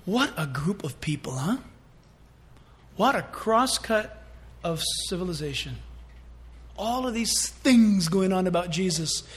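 A man preaching a sermon in church, animated and acting out little scenes in voices. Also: high voice, unhurried, long pauses. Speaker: pastor.

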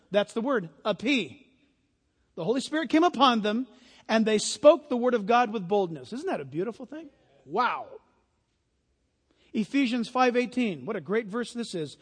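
A middle-aged male pastor with a notably high voice preaching in a church sanctuary. He drops to a hushed storytelling tone, then climbs into loud, fervent exhortation. The sound carries a long hall reverb. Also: very animated, moderate pace, breathy edge. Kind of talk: sermon.

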